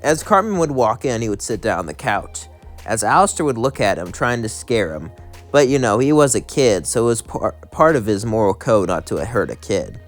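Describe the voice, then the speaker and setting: A young man rambles through a fan story with casual asides. His pitch rises and falls a lot, and faint music plays behind him. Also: sing-song, moderate pace.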